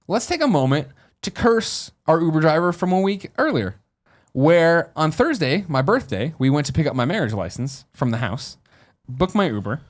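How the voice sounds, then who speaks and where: A man's voice: fairly high pitch, very animated, moderate pace. A man in his thirties hosting a podcast, telling a story casually and acting out the voices of the people in it. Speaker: podcast host.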